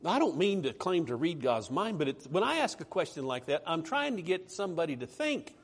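Animated high-voiced preacher man. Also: fairly quick, husky. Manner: animated, conversational, reads scripture aloud with rising emphasis. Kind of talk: sermon.

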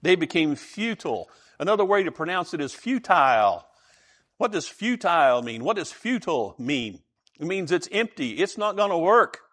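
A male preacher delivering a conversational sermon, often pausing to question his listeners or slip in a joke. His voice sits fairly high and swings widely in pitch, giving it a very animated feel. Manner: conversational, asks the audience questions, tells jokes.

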